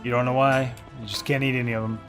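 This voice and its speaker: A man chatting casually with other players on a live game stream, easygoing and quick to laugh, with loose rambling banter. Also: mid-range voice, flat delivery, a bit bright, soft background music. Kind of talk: casual chat among players.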